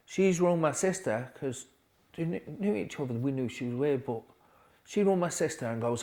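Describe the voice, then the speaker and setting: Halting, quiet-spoken man. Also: a little high, animated. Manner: quiet, halting storytelling with restarts, dropping softer at hard moments. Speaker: podcast guest. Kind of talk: recovery story interview.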